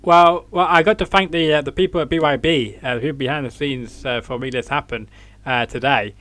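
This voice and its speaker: A man's voice: medium pitch, a little fast, fairly bright tone. A man from England hosting an online interview, upbeat with many hesitant fillers. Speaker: podcast host.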